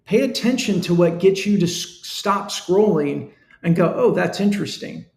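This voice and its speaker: A man's voice: high voice, expressive, a little slow, darkish tone, echoey room. A man hosting a live-stream business talk, speaking earnestly and conversationally in a coaching tone. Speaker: show host.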